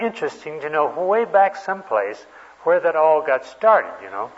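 A man's voice: on the high side, big pitch swings, brisk. A man giving a sermon, telling folksy stories at an easy pace with frequent fillers. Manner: folksy storytelling with many fillers. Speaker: preacher. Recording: distant dull hall recording.

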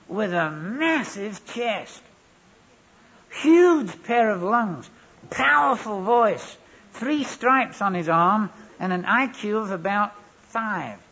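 Guy preaching, wry funny storytelling, high husky voice. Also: sharp tone. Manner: wry humorous anecdotal delivery. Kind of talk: sermon with storytelling. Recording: dull lo-fi recording.

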